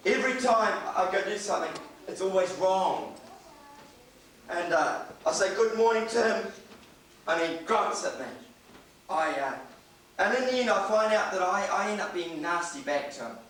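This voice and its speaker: A New preacher voicing a troubled wife who complains to a counsellor, recorded from afar in an echoey church. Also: male voice, high-pitched, expressive, normal speed, a bit bright. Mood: complaining. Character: troubled wife complaining about her husband. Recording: echoey church hall, distant mic.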